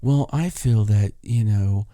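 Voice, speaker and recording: A man mimicking a phony male psychic's soft, sweet-talking public voice in a whisper. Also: lowish voice, takes it slowly, dry recording, clean studio sound. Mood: syrupy.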